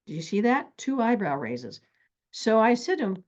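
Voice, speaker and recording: A middle-aged woman therapist teaching relationship skills and acting out stories from her life in an animated, extroverted way. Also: a little high, normal speed, dull audio. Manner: animated, extroverted, acts out anecdotes.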